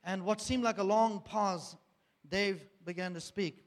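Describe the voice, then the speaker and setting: A man with a notably high speaking voice gives an earnest personal testimony in church. He leans on repeated phrases and rhetorical questions, and his words ring out with a long hall reverb behind them. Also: a little slow.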